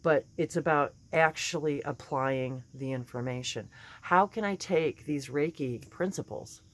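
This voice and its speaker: A woman with a slightly hoarse morning voice, giving a casual spiritual talk, chatty and laughing often, with many fillers and restarts. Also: sits low, a little slow. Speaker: spiritual channeler and teacher.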